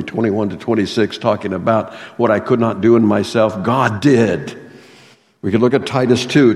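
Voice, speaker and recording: A man's voice: fairly low pitch, darkish tone. A man preaching a sermon as pastor, earnest, reading out a testimony and scripture with swelling emphasis. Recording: long hall reverb.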